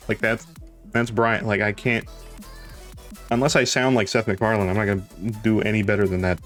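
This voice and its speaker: A man's voice: fairly low pitch, brisk, long pauses, fairly bright tone, faint music behind. A young man chatting casually on a live stream, rambling, laughing often and swearing now and then.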